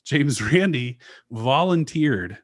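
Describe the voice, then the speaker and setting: A man's voice: mid-range voice, expressive, slow, no echo, studio quality. A man co-hosting a podcast in casual chat, telling a story in a laid-back way with fillers and chuckles. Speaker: podcast co-host.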